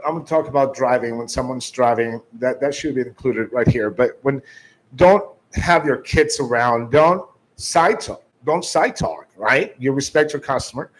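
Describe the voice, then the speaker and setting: A man's voice: mid-range voice, a little hiss or hum, low-quality recording. Emphatic man giving sales training. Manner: emphatic, shifts tone and volume to demonstrate; restarts often.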